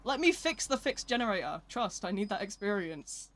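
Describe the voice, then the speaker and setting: A woman's voice: mid-range voice, expressive, brisk, hardly any pauses, fairly bright tone. A young woman with a British accent chatting casually on a live game stream, rambling and self-deprecating as she reads her chat aloud from a home desk mic.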